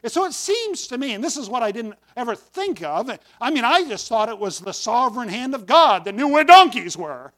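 A man's voice: very high-pitched, sing-song, brisk, few pauses, fairly bright tone. A man preaching a folksy sermon to his congregation, with sudden emphatic bursts on key words. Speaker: pastor.

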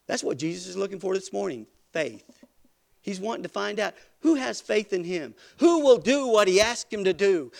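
Gravelly-voiced man preaching with rising intensity. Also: high-pitched. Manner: swells from quiet to loud, rising and shouting for emphasis. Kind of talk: sermon.

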